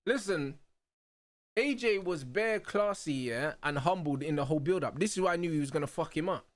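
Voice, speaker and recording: A young man hosting a live football watch-along, talking excitedly in heavy slang and laughing loudly. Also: on the high side, fairly quick, dry recording. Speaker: host.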